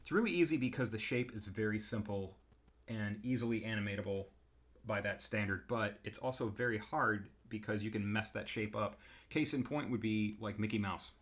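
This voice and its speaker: A man narrating casually as he draws, an artist demonstrating character design and thinking aloud in an unhurried, musing way. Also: lowish voice, a bit bright.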